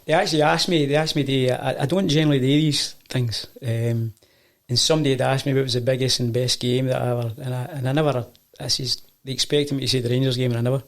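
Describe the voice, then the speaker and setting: Fast-talking gravelly Scottish man. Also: mid-range voice. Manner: animated anecdote-telling, acting out quoted voices. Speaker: football coach. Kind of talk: casual storytelling.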